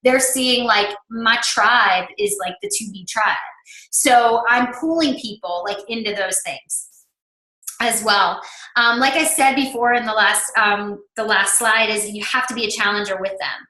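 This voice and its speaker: Speaking unhurriedly in a sharp, higher-pitched voice, a woman coach presents to fellow coaches. Her talk is chatty and emphatic, heavily sprinkled with "like," and the audio is poor and reverberant.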